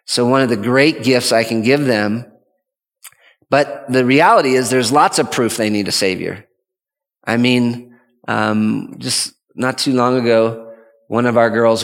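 A man speaks about parenting as a father in an earnest, conversational teaching talk, rambling and restarting his sentences often. His mid-range voice moves at a measured pace, and a long reverb tail hangs after it.

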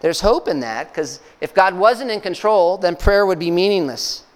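A man preaching a sermon as pastor, speaking conversationally with fillers and soft laughs. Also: sits high, expressive, normal speed. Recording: long hall reverb.

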